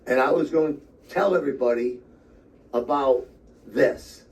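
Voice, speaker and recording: A man's voice: mid-range voice, measured pace. Playful man hosting a podcast. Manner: playful, repeats the questions aloud. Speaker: podcast host. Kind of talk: casual chat. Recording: distant from the mic.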